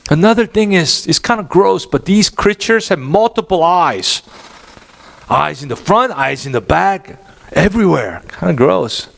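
Animated pastor preaching, man. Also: a little high, unhurried, gravelly. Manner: animated, asks the congregation questions. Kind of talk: sermon.

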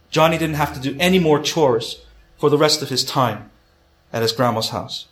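Guy preaching, pretty high voice, earnest, repeats his points, echoey room. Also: fairly quick, fairly bright tone. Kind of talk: sermon with storytelling.

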